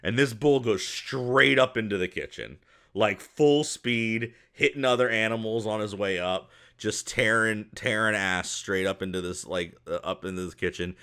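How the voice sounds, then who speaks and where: Man game master, low and smooth, loose rambling narration. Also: normal speed, sharp tone. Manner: rambling, filler-heavy narration.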